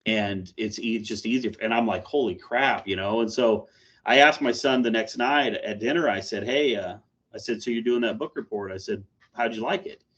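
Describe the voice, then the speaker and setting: Man, 40s, corrections officer; low voice, candid, plainspoken, halting delivery; dull lo-fi video call audio. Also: fairly bright tone. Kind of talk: personal story shared in a peer support meeting.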